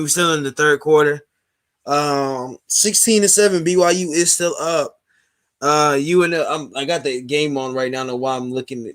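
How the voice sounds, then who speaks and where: Animated man talking football. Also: a little high. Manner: animated, rambling, halting restarts. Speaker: podcast co-host. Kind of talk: casual sports talk.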